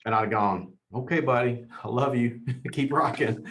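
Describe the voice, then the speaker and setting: A man in his forties hosting a team call, energetic and emphatic, repeating lines for punch. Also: medium pitch, normal speed. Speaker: host leading a team call.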